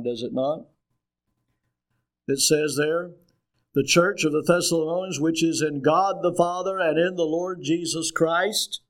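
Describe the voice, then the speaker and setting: Slow, high-voiced older male preacher. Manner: preaching with call-and-response questions; slow, emphatic phrasing with rising and falling pitch. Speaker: pastor. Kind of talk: sermon.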